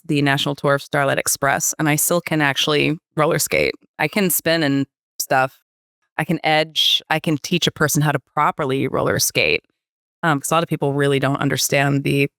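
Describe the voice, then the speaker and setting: A woman's voice: sits low, fairly bright tone, no room sound, studio quality. A woman guest in a casual interview, chatting in a self-deprecating, easygoing way. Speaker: interview guest, Broadway performer.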